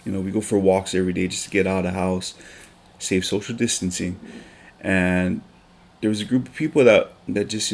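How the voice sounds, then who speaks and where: A man's voice: fairly low pitch, darkish tone. A man, a teacher talking earnestly on a casual podcast with many ums and restarts.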